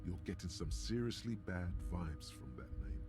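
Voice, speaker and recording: A man's voice: low voice, expressive, normal speed, music in the background. An actor voicing a dry, wry male narrator of a detective's inner thoughts in a video game.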